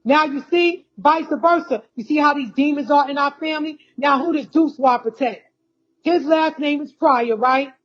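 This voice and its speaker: A woman's voice: high voice, moderate pace. A woman from the United States giving a heated, accusatory monologue to her followers, repeating herself and calling out to them directly. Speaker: vlogger addressing followers. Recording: dull lo-fi recording.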